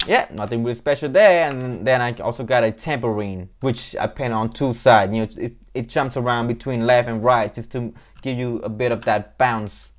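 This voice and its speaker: A music producer casually walks through how he built a track, rambling loosely, piling on fillers, and downplaying his own work. His voice is mid-range, his pace moderate, and he barely pauses.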